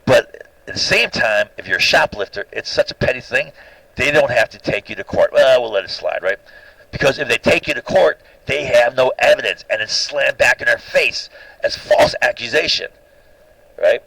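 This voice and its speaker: A man's voice: mid-range voice, normal speed, vocal fry, pushed and bright, husky, no echo, poor audio. A man telling a long personal story in an agitated, suspicious way, rambling and tagging "right?" onto his sentences. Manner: rambling, keeps asking "right?". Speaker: lecturer.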